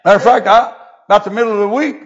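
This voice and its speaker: Male preacher, high-pitched, folksy down-home sermon style, muffled lo-fi church recording. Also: rapid-fire. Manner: folksy preaching with scripture read in old English. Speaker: pastor.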